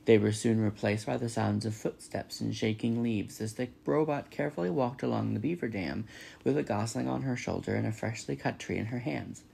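Gravelly-voiced man reading a story. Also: fairly low pitch, brisk. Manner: steady storytelling. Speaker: reader. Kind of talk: reading a children's novel aloud.

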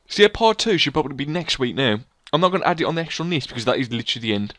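A man's voice: fairly high pitch, racing, hardly any pauses, no echo. A young man hosting a casual let's play, joking around and saying "literally" a lot. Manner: jokey, excitable, says "literally" a lot. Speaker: gaming channel host.

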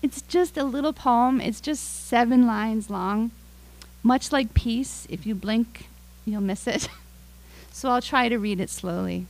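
An American woman poet reads her work aloud, taking her time and dwelling on each word. Her voice sits a little high and carries a gravelly rasp. She speaks very slowly and deliberately. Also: rough recording. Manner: slow, deliberate, lingering on words. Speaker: featured poet. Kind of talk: poetry reading with spoken introduction.

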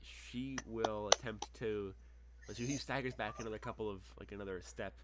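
A young man narrating as game master for a tabletop game, halting and full of fillers. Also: fairly low pitch, steady tone, a crowd in the background.

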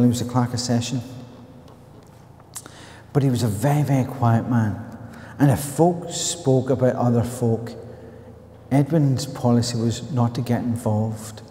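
Northern Irish preacher in a reverberant church. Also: male voice, medium pitch, fairly even intonation, unhurried, warm tone. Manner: earnest, storytelling with frequent restarts. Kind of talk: sermon.

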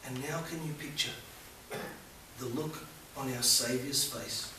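A man's voice: mid-range voice, fairly even intonation, measured pace, long pauses, distant mic, background noise. Man preaching in a echoey church. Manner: swings from loud fervent appeals to hushed soft-spoken passages. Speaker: visiting preacher. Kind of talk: sermon. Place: church hall.

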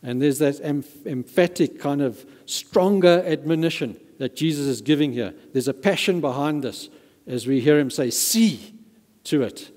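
A man's voice: on the high side, normal speed, few pauses, darkish tone. A man preaching a sermon as pastor, emphatic and given to repeating words for stress. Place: church hall. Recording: reverberant church hall.

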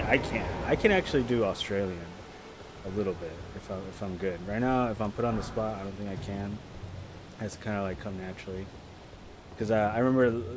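A man with a fairly low voice chats casually while streaming a game live, rambling from one topic to the next. He breaks into loud, excited reactions to the action. A clear hum of background noise sits under his stream mic. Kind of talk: casual live gameplay chat.

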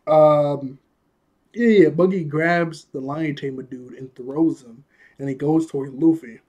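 Dude recapping an anime ep, kinda high voice, dark and husky, laughs a lot, bit out of breath. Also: male voice, measured pace. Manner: animated, laughs often, acts out quotes in higher voice. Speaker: anime reviewer. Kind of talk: casual episode recap.

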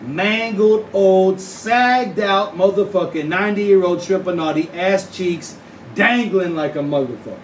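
A man telling a profane tall tale live, in a drawling deadpan manner broken by sudden yelps. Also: high voice, measured pace, distant mic, slight background noise. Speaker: storyteller. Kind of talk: live spoken-word storytelling over guitar. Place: live venue. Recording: roomy live recording from off mic. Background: plucked guitar music.

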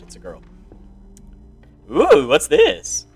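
An excitable man giving casual commentary while playing a video card game, reading its text aloud as he goes. His pitch leaps around a lot while the pace stays unhurried. Faint game music runs behind him. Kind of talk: casual let's-play commentary.

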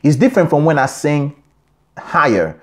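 A man's voice: fairly high pitch, sing-song, normal speed. A man teaching a singing lesson, explaining in short phrases and singing examples. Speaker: singing coach. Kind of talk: vocal lesson with sung examples.

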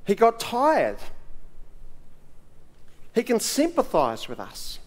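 Man, pastor, sermon, high-pitched, unhurried, emphatic, dramatic pauses. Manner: emphatic, with dramatic pauses and swings between loud and soft. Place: church.

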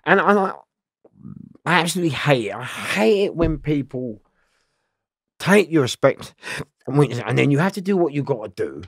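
A man's voice: a little high, big pitch swings, moderate pace, vocal fry, pauses often, fairly bright tone, breathy edge, no echo, clean studio sound. A middle-aged man, telling rambling, slangy prison stories in a casual interview, swearing and laughing often.

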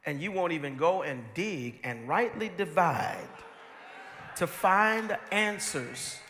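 A middle-aged man preaching a sermon as pastor, repeating phrases and swinging between hushed and loud delivery. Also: fairly high pitch, lively intonation, slow, big-room sound, slight background noise.

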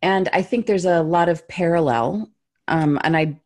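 A woman's voice: on the low side, moderate pace, darkish tone. A woman hosting an interview podcast, curious and chatty, often trailing off and restarting her sentences. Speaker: podcast host. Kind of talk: conversational interview.

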